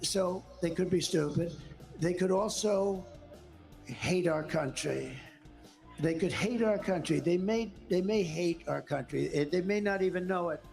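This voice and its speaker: Man, interview guest, emphatic, repetitive, raspy fry, faint music behind. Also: sits high, unhurried, darkish tone. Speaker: politician guest. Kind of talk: interview conversation.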